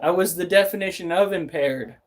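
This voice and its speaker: A man casually telling a pet vlog audience an animated story and swearing freely as he goes. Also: sits high, brisk, background noise. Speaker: pet keeper and vlogger.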